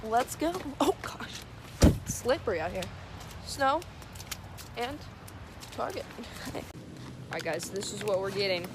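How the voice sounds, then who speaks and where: A young woman in her late teens from Atlanta, vlogging casually and excitably as she talks to her camera, often giggling. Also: medium pitch, slow pace, pauses often, heavy background noise. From Atlanta, Georgia. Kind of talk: casual vlog. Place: outdoors in snow and in a car.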